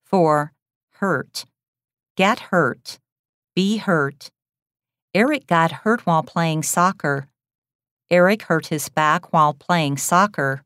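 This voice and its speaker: A woman reading English lesson headings and phrases in a measured, even way. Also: deep voice, no echo, clean studio sound. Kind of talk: slow, clearly read language-lesson phrases.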